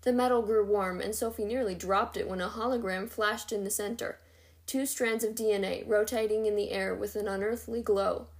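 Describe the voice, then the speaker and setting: A woman reading a novel chapter aloud in a steady, even narration. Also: medium pitch, moderate pace. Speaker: reader.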